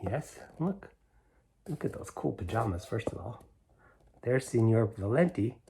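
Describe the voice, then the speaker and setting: A middle-aged man reading a children's picture book aloud, stopping to explain the pictures in gentle asides. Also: mid-range voice, sing-song, measured pace, creaky, background noise. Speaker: storybook reader.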